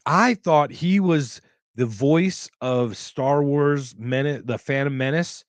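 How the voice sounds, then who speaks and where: A man hosts a casual podcast livestream, reading chat questions aloud and rambling with jokes, restarts, and movie impressions. His mid-range voice is slow, and the audio has no echo.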